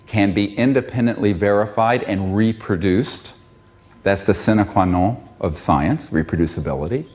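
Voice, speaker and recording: A man's voice: fairly low pitch, a little mellow. A man giving an impassioned public talk, fiery and emphatic. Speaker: public speaker.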